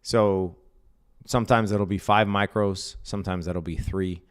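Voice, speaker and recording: A man's voice: deep voice, fairly even intonation, measured pace, clean tone. A man casually explaining day trading on a live stream, reading out viewer comments and answering bluntly, often with a tag "right?" and some swearing. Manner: blunt, profane, keeps asking "right?"; reads out and answers viewer chat.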